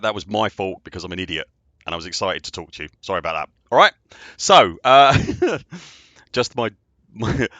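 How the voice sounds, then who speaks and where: A man chatting casually on a game stream, excitable and self-deprecating, often laughing. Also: on the low side, no room sound. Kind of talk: casual live-stream chat.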